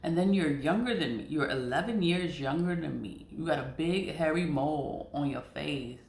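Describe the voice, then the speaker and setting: Middle-aged woman, casual confessional storyteller: blunt, profane, quick to laugh; echoey room. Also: deep voice, vocal fry, darkish tone. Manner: blunt and candid, swears freely, laughs between lines. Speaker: spiritual content creator. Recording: roomy echo.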